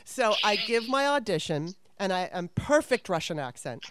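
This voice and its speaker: Her voice sits in the mid-range with a sing-song lilt, a moderate pace and a slightly bright quality. She's a middle-aged former actress sharing career anecdotes conversationally, frank and self-mocking, cursing without hesitation.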